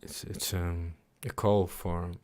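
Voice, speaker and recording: A man slowly reading and explaining devotional scripture, chanting at times, pausing to reflect and repeating his words. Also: deep voice, level tone, darkish tone. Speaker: scripture reader. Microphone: computer mic on a livestream.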